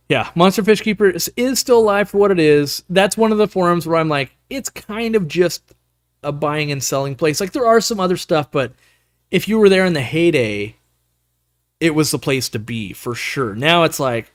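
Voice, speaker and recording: A man's voice: on the high side, expressive, brisk, no echo. Rambling upbeat man streaming live, dry close sound. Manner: rambling, upbeat, lots of fillers and slang. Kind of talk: casual live stream chat, reading chat.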